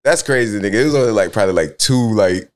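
A young man with a Mississippi accent, chatting casually as a podcast co-host, loud and animated with lots of slang. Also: lowish voice, fast talker. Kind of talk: casual chat.

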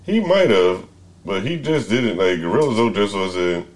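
A man's voice: on the low side, lively intonation, moderate pace. A man hosting a podcast in casual chat, rambling and restarting his sentences as he thinks aloud. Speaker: podcast host.

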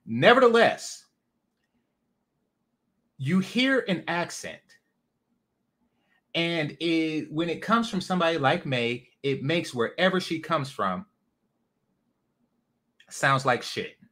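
A man's voice: on the high side, expressive, slow pace, long pauses, fairly bright tone. A man from California hosting a casual livestream, ranting bluntly with lots of profanity and rambling asides. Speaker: host.

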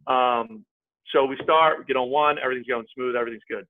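A man tells a story as a podcast guest, casual and animated. He acts out what people said as he goes. His voice comes through a thin, phone-like line and sits at an ordinary middle pitch. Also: rapid-fire.

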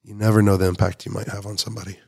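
A man speaking earnestly and with emotion as a guest on a podcast, soft-spoken on serious matters. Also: on the low side, little pitch movement, racing, creaky, husky, dry recording, studio quality. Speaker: guest, nonprofit founder. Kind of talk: heartfelt podcast conversation.

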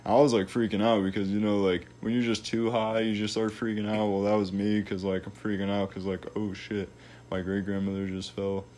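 A young man with a deep, low-pitched voice tells stories in loose, slangy chat and swears freely. His delivery is relaxed and unhurried, and a faint hiss sits under the recording. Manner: laid-back, slangy, swears a lot. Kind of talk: casual storytelling chat.

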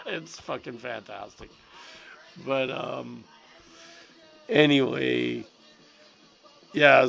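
A gravel-voiced middle-aged man on the low side spins loose, profane stories, full of restarts and filler words. Faint music plays behind him. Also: fairly bright tone. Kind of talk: rambling casual storytelling.

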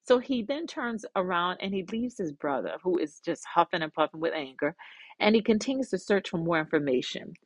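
A woman podcast host narrating a story in a lively, conversational way with asides. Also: lowish voice, brisk, dry recording.

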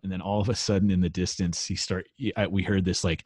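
Deep-voiced man telling a rambling story. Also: level tone, quick pace, hardly any pauses, a little mellow, no room sound, studio quality. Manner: rambling, profane, laid-back storytelling with many fillers. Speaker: musician guest. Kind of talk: casual storytelling chat.

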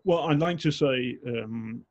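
A man's voice: medium pitch, slow, darkish tone, highs cut off. A man of about sixty with a slight northern English accent, telling candid stories in an interview, blunt and self-mocking with many ums and restarts. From England. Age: 60s. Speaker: journalist guest.

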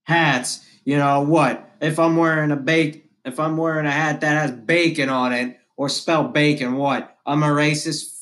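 A man's voice: on the high side, fairly even intonation, unhurried, hardly any pauses, fairly bright tone. A man hosting a podcast, giving a political monologue in an impassioned, repetitive and combative way. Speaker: podcast host.

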